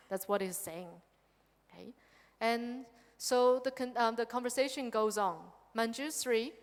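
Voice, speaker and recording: A Buddhist nun giving a dharma lecture on a sutra, lively and engaging, often checking in with her listeners by asking "okay?". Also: mid-range voice. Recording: long hall reverb.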